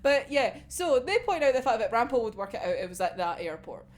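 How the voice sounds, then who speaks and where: A woman's voice: a little high, sing-song, brisk. A young woman with a Scottish accent chatting casually about an anime episode, swearing freely and laughing often. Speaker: anime reviewer.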